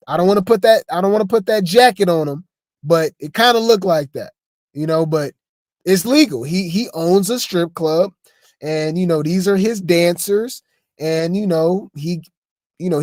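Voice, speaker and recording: A man's voice: sits high, darkish tone, no echo, studio quality. A man giving casual reaction commentary on video clips, chatty and stammering, throwing asides to his viewers. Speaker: commentary host.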